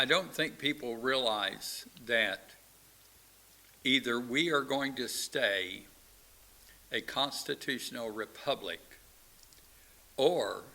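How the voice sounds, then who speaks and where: A man's voice: medium pitch, vocal fry, bright, forceful tone. A man co-hosting a faith and politics talk show, speaking earnestly with frequent hesitations. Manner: earnest, hesitant with many uh fillers. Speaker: co-host. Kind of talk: casual talk show chat.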